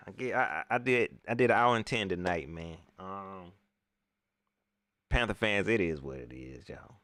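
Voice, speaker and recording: A man hosting a casual post-game livestream, slangy and animated, often repeating himself. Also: low-pitched, normal speed. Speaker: sports talk show host.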